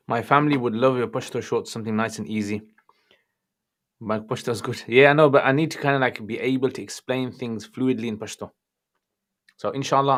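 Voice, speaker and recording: A man with a Birmingham accent hosting a casual livestream Q&A, reading out viewer questions and greeting people by name. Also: medium pitch. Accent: Birmingham English. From England. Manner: chatty, greets viewers warmly by name, mixes in Arabic phrases. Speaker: livestream Q&A host answering religious questions.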